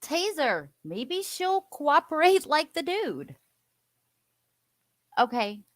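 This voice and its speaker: Reaction commentator, female, slow and offhand, close dry mic. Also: high voice, very animated, no room sound. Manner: joking, laughing asides.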